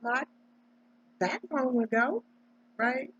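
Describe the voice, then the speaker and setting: A husky woman from Delaware holds forth in a casual, preachy monologue, pressing each point and checking in with "right?" as she goes. Her voice sits in a middle range and comes through dull, lo-fi audio. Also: high voice, slow, a bit bright. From Delaware, United States. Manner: emphatic, preachy, tags lines with "right?". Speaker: vlogger.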